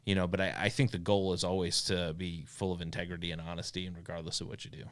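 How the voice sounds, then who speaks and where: A man co-hosting a talk show, his voice sitting low and his talk loose, full of "you know" and "um" and restarts. He sounds like a father in his thirties, easygoing and chatty in a studio. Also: little pitch movement, quick pace. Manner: rambling, lots of fillers and restarts. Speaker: co-host. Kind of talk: casual talk show chat. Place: radio studio.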